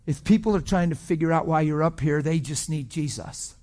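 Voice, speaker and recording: A man preaching a sermon as pastor, passionate, swinging from hushed storytelling to loud exclamations. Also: fairly high pitch, normal speed, noisy background.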